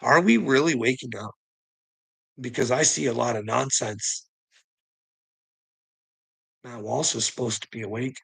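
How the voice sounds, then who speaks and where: Man, vlogger, agitated rambling rant, gravelly and husky with a bright edge, laughs often, swears freely. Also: mid-range voice, a little slow, long pauses. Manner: heavy swearing, frequent nervous laughs, agitated. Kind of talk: rambling monologue to camera.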